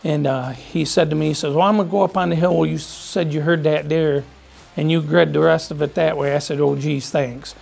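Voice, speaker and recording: A man's voice: on the high side, steady tone, brisk, vocal fry, darkish tone. A man from Michigan telling his hunting story in a plainspoken, folksy way, often repeating himself. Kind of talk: casual storytelling.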